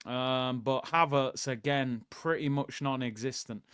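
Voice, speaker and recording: Hosting a live football watchalong, a man reads chat aloud and talks straight to his viewers, casually offering blunt opinions in a conversational way. His mid-range voice is measured, a bit bright, clear, and resonant, recorded in studio quality without echo.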